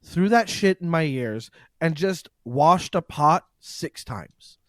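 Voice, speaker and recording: A man's voice: a little high, animated, takes it slowly, a bit bright, no echo. Dry-miked man, rambling and self-mocking. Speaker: comedian guest. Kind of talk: casual podcast chat.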